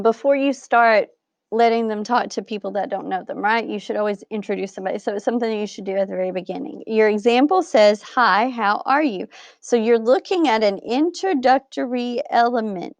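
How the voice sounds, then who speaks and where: Woman teacher, fairly high, patient explainer; dry, close, slightly muffled recording. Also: dry recording. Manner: patient, explains step by step, checks with "right?". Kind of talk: recorded grammar lesson.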